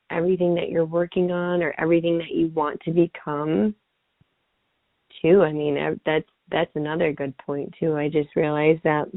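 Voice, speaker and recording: A woman's voice: lowish voice, gravelly, dry recording. A woman guest talking casually and reflectively, thinking aloud and often saying "like". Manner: rambling, reflective, many "like" fillers. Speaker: podcast guest. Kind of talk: casual chat. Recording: tinny phone-like line.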